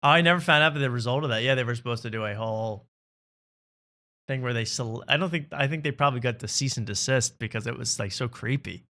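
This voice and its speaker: Male comedy podcast host, sarcastic and ranty, bright voice. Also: medium pitch, fast. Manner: sarcastic, ranting. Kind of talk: casual comedy podcast chat.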